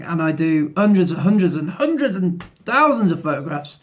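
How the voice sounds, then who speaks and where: A man in his thirties with a fairly high voice chats to camera in a relaxed vlog. He sounds upbeat and a little rambling, often restarting his sentences, and he talks about his photography work while he is out and about. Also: moderate pace. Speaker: photographer vlogger. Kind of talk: casual vlog talk to camera. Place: outdoors by the sea, then in town.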